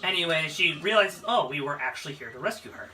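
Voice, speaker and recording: Let's play narrator, rambling casual commentary, lively pitch, bright tone. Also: quick pace, slight background noise. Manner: rambling, laughs often. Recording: distant mic, game music behind.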